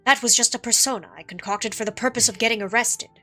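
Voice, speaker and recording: Sly fox con man, silky and theatrical, bright tone, read by a woman. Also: on the high side, fast, soft background music. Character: sly smooth-talking male fox con artist. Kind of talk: reading game dialogue aloud.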